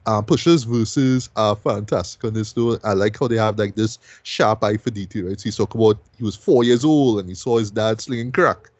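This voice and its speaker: A man's voice: on the low side, moderate pace, hardly any pauses, darkish tone, no room sound, dull audio. A man hosting a music review show, talking loosely and casually and ending most sentences with "right?".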